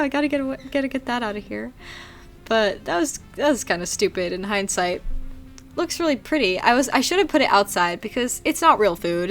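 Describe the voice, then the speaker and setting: A woman's voice: mid-range voice, a bit bright. A young woman, chatting and rambling in a casual voice-over about her game build, giggly and self-deprecating. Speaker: YouTuber narrating a game build.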